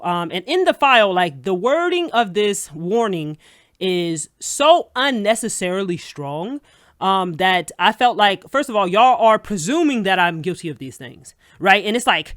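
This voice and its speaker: Storytime vlogger, mid-pitched, profane and indignant, talks straight to camera. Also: expressive, normal speed, fairly bright tone, dry recording, clean studio sound. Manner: profane, indignant, addresses viewers as y'all. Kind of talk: casual storytime rant.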